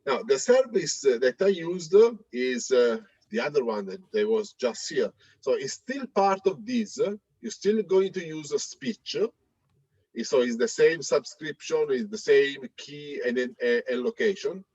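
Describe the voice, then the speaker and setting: A man presenting a live software demo, talking in a hesitant way with many fillers and restarts. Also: a little high, big pitch swings, measured pace, husky, dry recording, lo-fi sound. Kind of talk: live tech demo talk.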